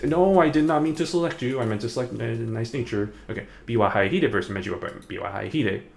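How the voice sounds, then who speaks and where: A man streaming and chatting casually, rambling and hesitating as he corrects himself mid-sentence. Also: fairly low pitch. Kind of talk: casual live-stream commentary.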